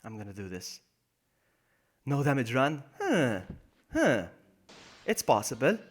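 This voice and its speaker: Excitable man streaming a game. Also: takes it slowly. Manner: excitable, jumps to high yelps when in danger, then mutters low; chats to viewers by name, self-mocking. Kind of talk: live gameplay commentary.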